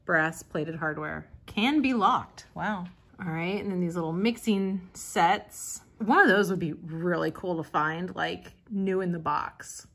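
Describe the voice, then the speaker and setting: Excitable woman chatting thru an old catalog at home, reads stuff out and gets all giddy. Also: fairly low pitch, unhurried. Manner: chatty and excitable, gasps and laughs at items. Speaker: vintage catalog vlogger. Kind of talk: casual commentary while reading a catalog.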